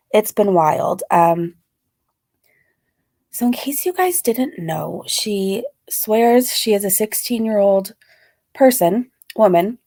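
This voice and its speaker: A woman's voice: mid-range voice, dark tone. A woman hosting a casual live stream. She is slightly out of breath, greets viewers by name and laughs between phrases.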